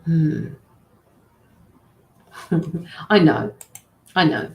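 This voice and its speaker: Speaking very slowly in a low, expressive voice, this intuitive tarot and mediumship reader chats and rambles through casual livestream readings, blunt and freely profane. She's middle-aged, and the recording has roomy echo with the highs cut off.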